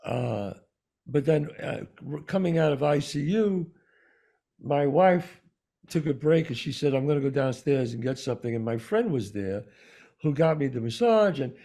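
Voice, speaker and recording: A man with a New York accent, co-hosting a talk show and telling a personal story in an animated way, acting out the voices of the people in it. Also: a little high. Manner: animated storyteller, acts out quoted dialogue. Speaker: podcast co-host. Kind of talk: storytelling in casual conversation.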